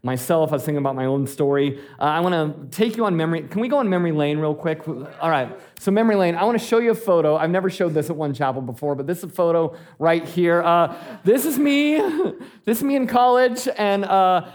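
Brief: male pastor in his forties, fairly high voice, animated storyteller who laughs often. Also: fast, hardly any pauses. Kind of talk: sermon.

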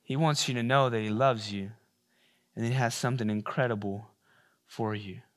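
A male pastor preaching a sermon, retelling the story in a casual, animated way with playful asides. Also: mid-range voice, moderate pace.

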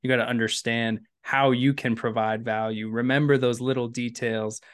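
A man's voice: medium pitch, level tone, normal speed. A man hosting a podcast, summing up and affirming his guest's points in a conversational way. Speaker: podcast host. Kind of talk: interview chat.

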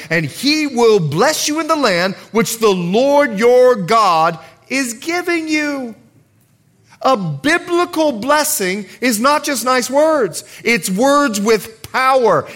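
A male pastor preaching a sermon at a church service, telling stories with humor. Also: high voice. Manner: animated storytelling with humor.

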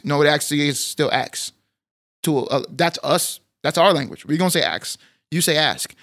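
A man's voice: a little high, animated, moderate pace, pushed and bright. A man with a Texan accent, co-hosting a podcast in casual chat, joking and slangy. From Texas. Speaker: podcast co-host.

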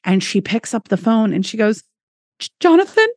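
A woman keynote speaker, a guest on a podcast, telling travel stories in an enthusiastic, animated way and speaking straight to listeners. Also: medium pitch, fairly quick, husky, dry recording, studio quality. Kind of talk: lively anecdotal storytelling.

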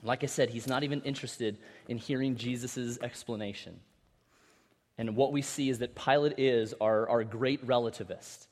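A man preaching a sermon as pastor, in a conversational style with animated asides and repeated words. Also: mid-range voice, moderate pace. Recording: long reverb of a large hall.

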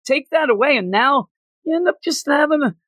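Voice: sits high, animated, a little fast, a bit bright, no room sound. A podcast host chatting casually about an anime episode, retelling scenes with laughter and acting out the characters' lines. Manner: laughs often while talking. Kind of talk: casual chat.

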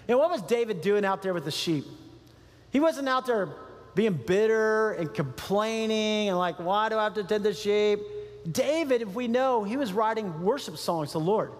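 A male pastor preaching a sermon in an animated way, laughing often and acting out quoted voices. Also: sits high, moderate pace. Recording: long hall reverb.

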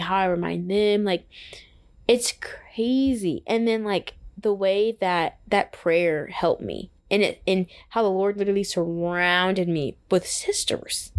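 A woman's voice: medium pitch, clear, resonant tone. A young adult woman hosting a podcast, chatting casually and earnestly about her faith and often filling her talk with "like.". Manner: earnest and excitable, heavy use of "like". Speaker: podcast host. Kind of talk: casual faith-based reflection.

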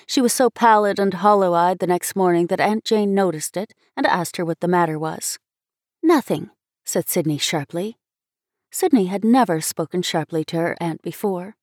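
A woman reading a classic story aloud in an expressive, measured way. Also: on the low side, no room sound, clean studio sound. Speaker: story reader. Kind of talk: storybook narration.

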